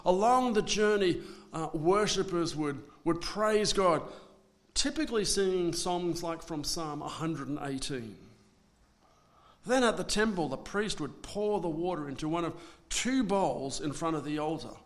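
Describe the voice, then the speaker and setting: A man preaching a sermon, swinging between loud dramatic declarations and hushed asides. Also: a little high, lively intonation, a little slow.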